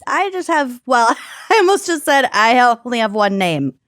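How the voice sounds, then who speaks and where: A woman co-hosting a podcast in casual chat, joking and quick to laugh. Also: on the high side, big pitch swings, a bit bright, no echo, clean studio sound. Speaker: podcast co-host.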